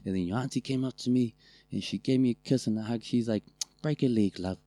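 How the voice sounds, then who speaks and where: A man with a New Zealand accent, co-hosting a podcast and telling family stories in a loose, animated way, with a lot of swearing. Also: mid-range voice, quick pace, dry recording. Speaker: podcast co-host. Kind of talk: casual storytelling chat.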